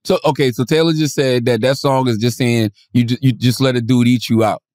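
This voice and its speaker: A man's voice: medium pitch, steady tone, fairly quick, a little mellow, no room sound, studio quality. A man co-hosting a comedy podcast, bantering animatedly, laughing often and repeating catchphrases. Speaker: podcast co-host.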